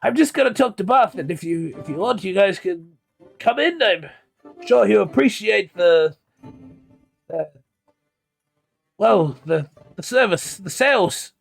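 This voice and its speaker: A man's voice: sits high, lively intonation, unhurried, creaky, long pauses, faint music behind, heavily acted. A man voicing a weary but friendly traveling merchant who speaks hesitantly. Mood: mild.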